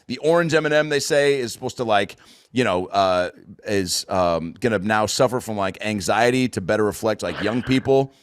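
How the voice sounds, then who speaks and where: A man's voice: fairly low pitch, lively intonation, normal speed, clean tone, no echo, studio quality. An American man hosting a podcast, chatting casually in a rambling, loose way with plenty of swearing. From United States. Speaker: podcast host. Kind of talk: casual chat.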